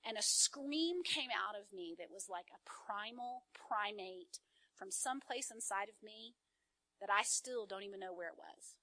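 A middle-aged woman sharing a testimony as a church speaker, in an animated, emphatic storytelling manner. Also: mid-range voice, measured pace, no room sound. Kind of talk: sermon-style testimony.

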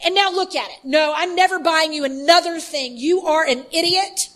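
A woman's voice: very high voice, moderate pace, pitched above the performer's own voice. A woman voicing a furious father who screams at his young son. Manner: screaming, loud.

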